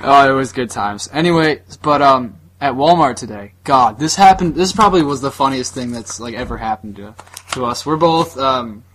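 A man's voice: medium pitch, lively intonation, moderate pace, fairly bright tone. A young man co-hosting a podcast, telling crude, rambling stories in casual chat and laughing often. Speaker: podcast co-host.

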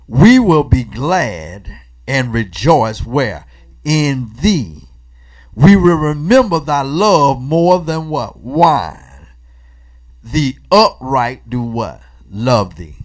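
A man preaching a call-and-response sermon, asking the congregation questions and pausing for their answers, swinging between loud emphatic bursts and quiet asides in a colloquial church cadence. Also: medium pitch, big pitch swings.

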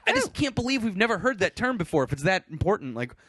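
A man's voice: high voice, big pitch swings, fast, fairly bright tone, breathy edge, no room sound. A man co-hosting a podcast in casual chat, incredulous and full of fillers and swearing. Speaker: podcast co-host.

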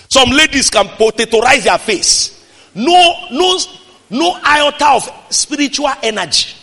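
High-voiced Nigerian pastor preaching. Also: male voice, very animated, normal speed, husky, long reverb tail. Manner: fiery preaching that swings from quiet to shouted declarations. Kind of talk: sermon.

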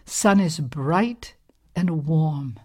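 A woman voicing Hina, a tired old island woman who is weary of work, speaking softly and gently, firm when pushed. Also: sits low, animated, drawn-out words, exaggerated voice.

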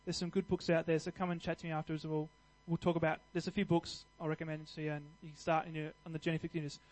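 A man's voice: on the high side, level tone, rapid-fire, darkish tone, poor audio. A man preaching a sermon in an earnest, conversational way, restarting phrases and building to emphatic passages.

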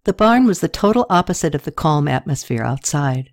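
A woman narrating an audiobook story in a steady scripted reading, lifting her pitch slightly for characters' lines. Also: fairly quick.

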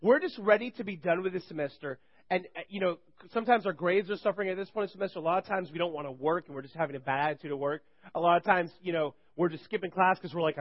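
A man's voice: high voice, very fast, dull audio. A man giving a casual, rambling sermon to college students at a live campus gathering, chatty and full of joking asides. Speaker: campus ministry preacher.

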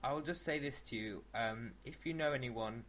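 A man's voice: medium pitch, moderate pace, a bit bright, a little hiss or hum. A man co-hosting a casual podcast, chatting in a rambling way and often restarting his sentences. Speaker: podcast co-host.

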